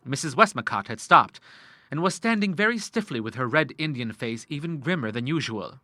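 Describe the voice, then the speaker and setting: A male audiobook narrator reading a classic novel in a measured storytelling tone. His voice is bright, with lively pitch movement. The sound is close and dry. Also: dry recording. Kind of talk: scripted narration.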